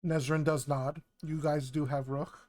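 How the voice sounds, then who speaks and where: A man running a tabletop game as game master, describing the scene with frequent fillers and pauses. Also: a little high. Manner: relaxed, hesitant, many fillers.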